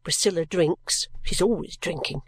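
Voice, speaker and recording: A woman's voice: fairly low pitch, moderate pace, breathy edge, no room sound. Female reader voicing a sulky, resentful teenage girl, blunt and gloomy, dry close read. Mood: bitter.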